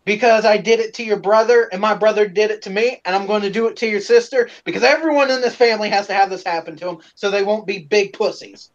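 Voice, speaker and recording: Man quoting an unapologetic prankster mom, singsong and matter-of-fact, slightly higher voice. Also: quick pace, hardly any pauses, dull audio, close to an everyday voice. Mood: gleeful. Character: teasing prankster mother, gleeful and unapologetic.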